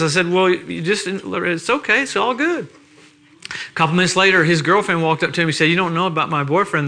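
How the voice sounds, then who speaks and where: A man preaching a sermon in a church, telling stories with animated, laughing energy. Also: sits high.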